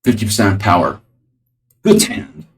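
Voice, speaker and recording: With a lowish voice that swings hugely in pitch, a chess streamer reasons aloud over his moves at a measured pace, adding dry, jokey asides. He's far from the mic, and the recording is low quality.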